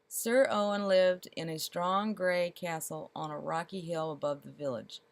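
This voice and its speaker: Brief: female storyteller, a touch low in pitch, expressive read-aloud that lingers on funny details. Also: vocal fry. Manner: expressive, slows for comic detail.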